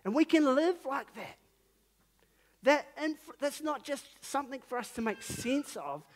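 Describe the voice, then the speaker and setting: High-voiced New Zealand man preaching. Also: lively intonation, measured pace. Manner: earnest, conversational, emphatic rises on key phrases. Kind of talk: sermon.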